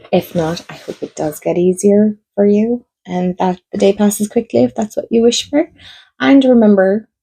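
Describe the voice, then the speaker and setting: A woman who reviews oracle decks, chatting to her viewers in a gentle, soothing, chatty way. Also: lowish voice, vocal fry, husky, low-quality recording. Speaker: tarot and oracle deck reviewer. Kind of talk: casual chat to camera.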